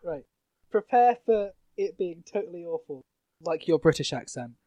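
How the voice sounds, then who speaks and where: A young man hosts a podcast in loose, joking chat, laughing between lines. His voice sits a touch high for a man. The sound is close and dry, with no room echo. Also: expressive, moderate pace, dark tone. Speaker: podcast host. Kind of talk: casual chat.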